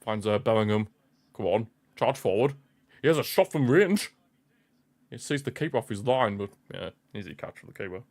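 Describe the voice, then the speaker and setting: A man's voice: fairly low pitch, lively intonation, moderate pace, a little mellow. A young man hosting a football watchalong stream, anxious and pleading as he comments on the match live.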